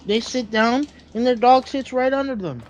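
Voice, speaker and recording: A speaker chats casually as a stream co-host, complaining and telling stories at a mid pitch. Faint background noise sits under the voice. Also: moderate pace, poor audio. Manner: chatty storyteller, complaining. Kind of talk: casual chat.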